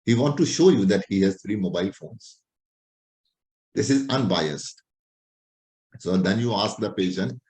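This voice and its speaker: Lively lecturing male doctor. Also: lowish voice, measured pace, pauses often. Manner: lively, animated, playful teasing. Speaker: doctor teaching a class. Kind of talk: clinical lecture with acted examples. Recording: roomy echo.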